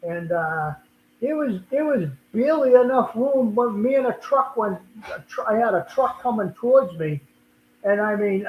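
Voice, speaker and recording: A man's voice: sits high, slight background noise. An older man with a Boston accent, hosting a casual live stream and chatting in a rambling way, often restarting his sentences. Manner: rambling, repeats and restarts words. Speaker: livestream host. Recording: echoey room, tinny phone-like sound.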